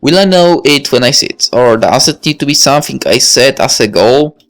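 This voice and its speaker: A woman voicing a thoughtful high school senior girl while reading a visual novel aloud, in a musing inner-monologue manner. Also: lively intonation, a little fast, faint music behind.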